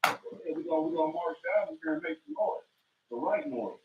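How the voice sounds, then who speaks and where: A man's voice: a little high, huge pitch swings, fairly quick. A man from Omaha speaking as a chef guest on a radio show, earnest and repetitive, stretching words out for emphasis. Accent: Omaha, Nebraska. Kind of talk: casual radio chat. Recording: roomy, distant and dull-sounding mic.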